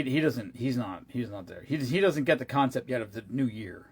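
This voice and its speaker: A man's voice: mid-range voice, breathy edge. A tired man chatting casually to his viewers, rambling with many restarts and asides and the odd swear word. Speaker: vlogger. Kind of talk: casual chat.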